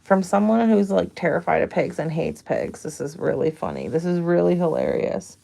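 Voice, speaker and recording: A woman's voice: fairly low pitch, very animated, moderate pace, gravelly, dark tone. Playful woman cooing at farm animals. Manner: cooing baby talk to animals, playful teasing. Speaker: farm vlogger. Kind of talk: casual chat to animals.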